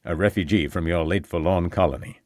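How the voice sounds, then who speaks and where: A man's voice: sits low, fairly quick, a little mellow, no echo, studio quality, voice pushed down, close to an everyday voice. A man voicing an outgoing American male antiquary with an American accent, effusive and confident.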